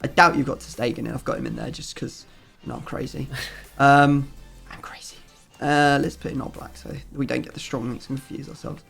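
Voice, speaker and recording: A man's voice: medium pitch, fairly even intonation, a little fast, creaky, fairly bright tone, slightly rough. A man hosting a gaming video, chatting casually and rambling through his explanations with plenty of fillers. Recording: music playing faintly behind.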